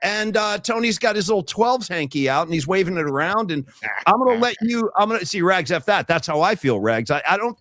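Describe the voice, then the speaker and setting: A man co-hosting a sports talk stream, rambling and animated as he riffs on viewer comments. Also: sits high, a little fast, dry recording, studio quality. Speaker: podcast co-host. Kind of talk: casual sports chat.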